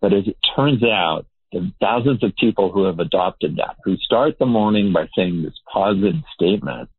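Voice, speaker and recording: A man's voice: low-pitched, expressive, normal speed, slightly rough, no echo. A male researcher, interviewed as a guest, explaining his ideas in an earnest, emphatic way. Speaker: behavior researcher. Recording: tinny phone-like line.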